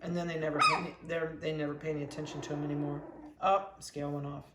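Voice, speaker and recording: A dog breeder chatting casually while weighing and collaring puppies, talking softly and coaxingly to them. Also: medium pitch, flat delivery, quick pace. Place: indoor kennel room. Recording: echoey room with faint background noise.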